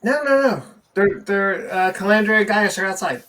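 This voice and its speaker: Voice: medium pitch, moderate pace, a bit bright, slight background noise. A tabletop game player who giggles often while talking through their character's actions.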